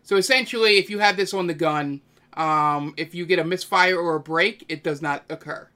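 A man's voice: on the high side, normal speed, sharp tone. A young man narrating as game master of a tabletop game, speaking hesitantly with many fillers. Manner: hesitant, many ums and uhs.

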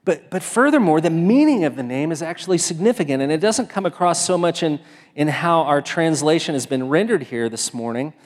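A man's voice: a little high, expressive, brisk. Conversational male pastor preaching in a hall. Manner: conversational, many fillers and restarts. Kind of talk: sermon.

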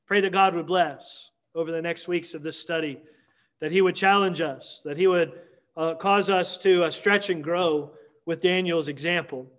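Man, pastor, Sunday sermon, high voice, emphatic, repeats words for effect. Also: a bit bright. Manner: emphatic preaching with dramatic pauses and repetition.

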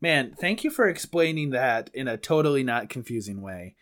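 A man's voice: medium pitch, sing-song, normal speed, a bit bright. Casual male comedy podcast host.

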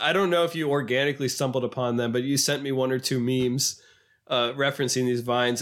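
A man co-hosting a podcast in casual chat, animated and sometimes quoting clips in a higher put-on voice. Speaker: podcast co-host.

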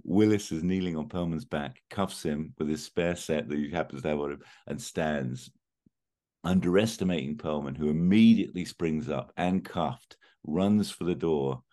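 A man hosting a podcast, telling a film pitch in a chatty, casual storytelling way with frequent fillers. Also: moderate pace, mellow. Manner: chatty, laughs while telling.

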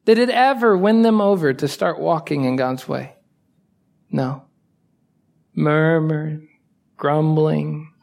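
A male pastor preaching a sermon in a conversational style, asking the congregation rhetorical questions and swinging between quiet asides and emphatic raised lines. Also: on the high side, gravelly.

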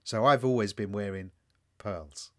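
This podcast co-host has a lowish voice and talks a little slowly. His casual chat is full of storytelling and profanity, with lively impressions of what others said.

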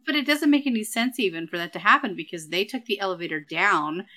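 A woman's voice: medium pitch, fast, sharp tone. A woman co-hosting a podcast in casual chat, laid-back and wry, swearing now and then. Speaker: podcast co-host.

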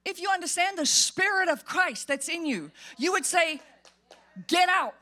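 High-voiced woman pastor preaching. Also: normal speed. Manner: animated, emphatic preaching with acted-out quotes. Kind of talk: sermon. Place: church.

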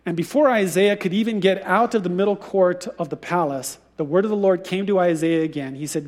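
High-voiced pastor preaching in a reverberant hall. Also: male voice, brisk, few pauses. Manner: storytelling, animated retelling with conversational asides. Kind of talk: sermon. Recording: long reverb of a large hall.

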